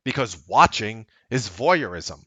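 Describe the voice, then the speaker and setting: A blunt trading host with a tense, forceful edge to his voice, delivering a sarcastic livestream rant that lurches between loud jabs and muttered asides. The sound is dry and close, with no room around it. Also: sing-song, takes it slowly, breathy edge, no echo. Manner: blunt, sarcastic ranting that swings from loud to low. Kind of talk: unscripted livestream commentary.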